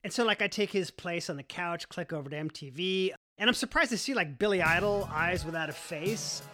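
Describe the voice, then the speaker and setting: A man's voice: high-pitched, a little fast, sharp tone, soft background music. A man telling a long personal story in a casual, profane way, full of "like" and "you know". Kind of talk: first-person storytelling monologue.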